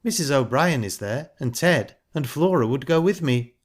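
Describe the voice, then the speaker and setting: A man voicing a calm, sharp-tongued young woman who speaks in a pointed, ironic way. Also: mid-range voice, normal speed, voice pushed up, lightly acted. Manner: cool, pointed and cutting.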